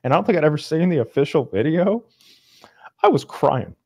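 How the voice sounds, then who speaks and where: A man's voice: fairly high pitch, big pitch swings, a little fast, gravelly, darkish tone, husky. A man in casual chat, telling a long, rambling story and swearing freely.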